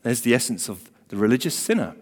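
A man's voice: medium pitch, big pitch swings, fast. Storytelling preacher man in a reverberant hall. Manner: storytelling, emphatic with swings from loud to hushed. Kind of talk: sermon.

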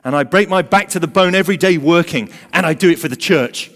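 A man's voice: medium pitch, expressive, a little slow, close to an everyday voice. A man voicing an indignant, self-righteous older farm woman who rants at God in fierce, aggrieved bursts, with a long reverb behind him. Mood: indignant ranting.

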